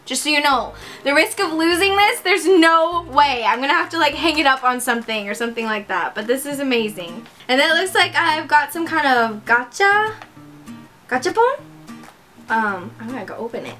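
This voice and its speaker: A young woman with a high, bright voice gushes her way through an unboxing on her vlog, piling on excited exclamations. Soft music plays faintly behind her. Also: normal speed. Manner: gushing, excitable, many exclamations. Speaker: vlogger.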